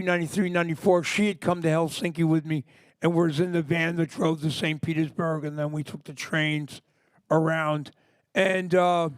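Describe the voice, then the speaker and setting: A man's voice: on the high side, clean tone, no echo, studio quality. A man in his sixties, a punk singer, telling stories in a rambling, enthusiastic way during a live interview before an audience. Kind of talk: casual live interview talk. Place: library music department before an audience.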